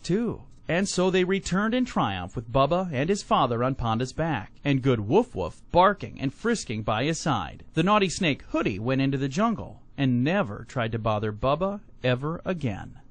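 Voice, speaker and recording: A man narrating a fairy tale in an expressive, animated storybook reading. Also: medium pitch.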